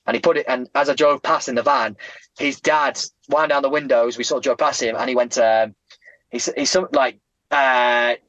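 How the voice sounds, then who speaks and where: British male guest, chatty and animated, trips over his words, dry lo-fi sound. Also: medium pitch, brisk, dry recording. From United Kingdom. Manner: rambling, animated, frequent restarts. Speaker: guest traveller. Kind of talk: casual podcast storytelling.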